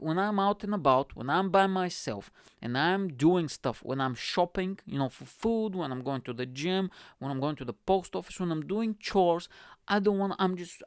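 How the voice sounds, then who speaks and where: A young man hosting his own podcast, chatting in a rambling, profane, animated way. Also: fairly high pitch, dry recording, studio quality. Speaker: podcast host. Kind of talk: casual solo podcast rant.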